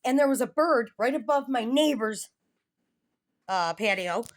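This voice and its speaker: A woman's voice: a little high, expressive, a little slow. A middle-aged woman chatting in a meandering, giggly way with many tangents, filming her home on a handheld phone. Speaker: vlogger. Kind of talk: casual rambling home vlog. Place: at home, indoors. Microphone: handheld phone camera filming the room, face off screen.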